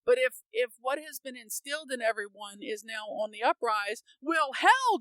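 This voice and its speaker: A woman's voice: fairly high pitch, expressive, normal speed, fairly bright tone, dry recording, rough recording. An American woman co-hosting a podcast, ranting emphatically in casual opinionated chat and laughing often. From United States. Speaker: podcast co-host.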